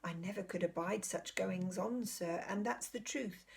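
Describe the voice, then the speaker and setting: A woman with a mid-range, gravelly, husky voice reads aloud at a measured pace, voicing a humble middle-aged London cabbie with a Cockney accent. The character is modest and honest, speaking in a shy, deferential, plain-spoken way.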